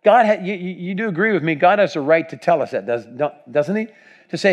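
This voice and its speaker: A man's voice: high voice, fairly quick. A man preaching a sermon, reading scripture aloud with emphasis and putting questions to his congregation. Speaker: pastor. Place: church.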